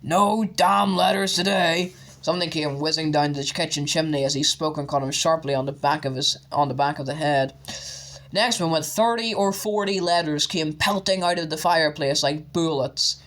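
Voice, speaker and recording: A man narrating an audiobook with steady storytelling. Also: fairly high pitch, normal speed.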